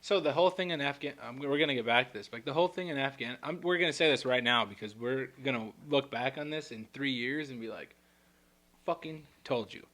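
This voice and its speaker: A man's voice: mid-range voice, fast, few pauses, sharp tone. A man co-hosting a casual podcast chat who adds short remarks and backs up his co-host.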